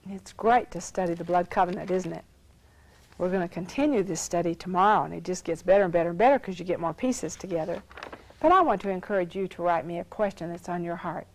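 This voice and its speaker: A woman's voice: on the low side, fast, rough recording. A woman teaching a sermon, reading scripture aloud and repeating phrases for emphasis. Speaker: Bible teacher.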